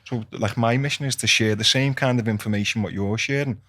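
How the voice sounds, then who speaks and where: A man's voice: mid-range voice, brisk, sharp tone. A man hosting a podcast, talking earnestly and chiming in with agreement. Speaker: podcast host. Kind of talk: podcast conversation.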